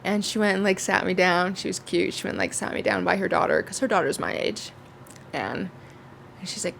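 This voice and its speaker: A woman's voice: mid-range voice, a little fast, creaky, fairly bright tone, slight background noise. A young woman telling a casual storytime vlog, chatty and swearing freely, with lots of fillers. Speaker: vlogger.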